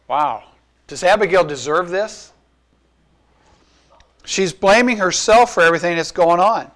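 Guy preaching a sermon, pretty high voice, chatty, keeps asking the congregation questions. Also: moderate pace, fairly bright tone. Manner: conversational, explains scripture with rhetorical questions. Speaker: pastor.

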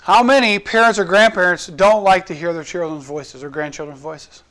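A man's voice: sits high, fairly even intonation, normal speed, a bit bright. A man preaching a sermon in an earnest, conversational way, asking the congregation questions and quoting scripture. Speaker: pastor.

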